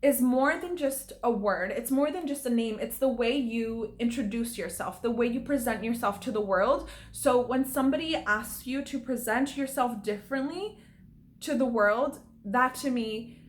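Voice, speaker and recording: A woman's voice: on the high side, moderate pace. A young woman and actress talking to camera in a casual vlog, earnest and a little worked up, breaking into laughs. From California. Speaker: actress and acting vlogger.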